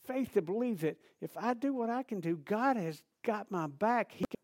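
A man preaching a sermon, animated and repetitive, building emphasis and dropping to soft asides. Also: high-pitched, normal speed. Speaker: pastor.

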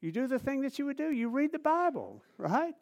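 A man preaching a sermon, animated and repetitive, building emphasis and dropping to soft asides. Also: extremely high pitch, a little fast, vocal fry. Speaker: pastor.

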